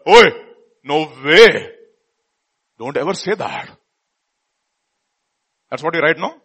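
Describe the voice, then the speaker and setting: A middle-aged man preaching a sermon, passionate and full of rhetorical questions, dropping to a hush and then rising to a shout. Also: sits high, normal speed, pauses often, husky. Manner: impassioned, swinging from hushed to shouting; asks the listeners rhetorical questions.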